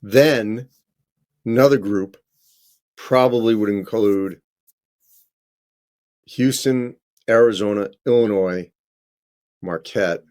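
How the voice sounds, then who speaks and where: A man working as a college basketball correspondent, answering viewer questions on a live stream in a conversational way, with frequent ums and quick self-corrections. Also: fairly low pitch, a little mellow.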